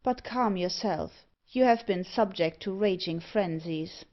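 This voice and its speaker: A woman voicing a sinister male keeper in an audiobook, calm and measured. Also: medium pitch, muffled recording, close to an everyday voice. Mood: cold.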